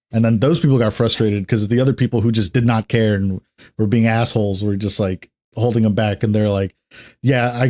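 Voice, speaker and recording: Blunt, animated man telling stories. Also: medium pitch. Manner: animated storyteller who acts out what others said; blunt, swears casually. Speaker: streamer. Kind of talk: casual chat while gaming.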